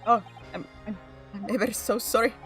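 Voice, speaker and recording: A woman's voice: a little high, fairly even intonation, moderate pace, fairly bright tone, faint music behind, natural voice. Woman reading as a stammering young lawyer. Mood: flustered. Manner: nervous, stammering. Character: flustered young male defense lawyer. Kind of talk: reading game dialogue aloud.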